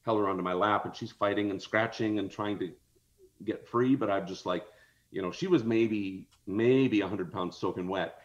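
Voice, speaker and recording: Animated, laughing male storyteller. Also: fairly low pitch, normal speed, muffled recording. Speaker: podcast guest. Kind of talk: storytelling in casual chat.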